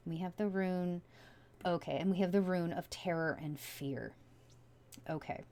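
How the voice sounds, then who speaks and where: A woman's voice: on the low side, measured pace, a little mellow. Woman doing a chill tarot reading at home, chatty, lots of likes and you knows. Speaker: tarot reader. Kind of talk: casual spoken tarot reading.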